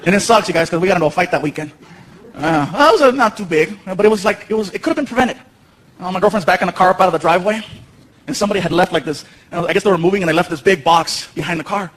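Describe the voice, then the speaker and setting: A man in his thirties doing animated stand-up comedy on stage, acting out voices as he tells stories. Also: high voice, rapid-fire. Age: 30s. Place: theater stage with audience.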